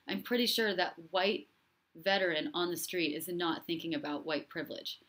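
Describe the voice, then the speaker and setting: A woman's voice: lowish voice, normal speed, fairly bright tone. A woman hosting a live stream, speaking in an impassioned and repetitive way and reading out viewer comments. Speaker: host and relationship coach.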